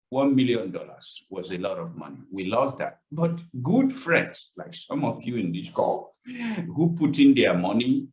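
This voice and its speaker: A man's voice: mid-range voice, low-quality recording. A man presenting a webinar, earnestly telling a painful personal story with emotional swings; English is not his first language. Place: online webinar call.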